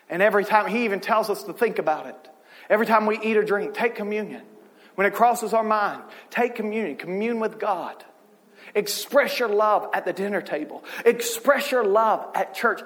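A man preaching a sermon as a pastor, telling stories with energy and swinging from soft, intimate moments to full shouts. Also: high-pitched, long reverb tail.

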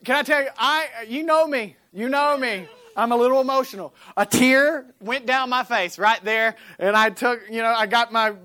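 Lively storytelling woman preaching. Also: on the high side, normal speed, few pauses. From United States. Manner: storytelling, lively, acts out quoted voices, swings from loud to hushed. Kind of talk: sermon with personal story.

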